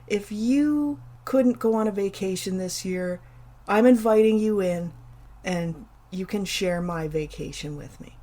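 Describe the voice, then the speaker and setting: A woman's voice: mid-range voice, unhurried, mellow. A middle-aged woman from Canada, hosting a casual solo show and chatting animatedly through a personal story with playful emphasis and asides. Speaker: podcast host.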